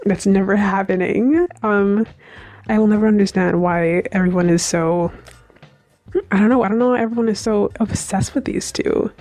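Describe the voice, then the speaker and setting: A woman's voice: mid-range voice, normal speed, a little mellow, no room sound. A young woman vlogger giving a chatty, opinionated review of a TV episode, rambling with fillers. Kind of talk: casual reaction review.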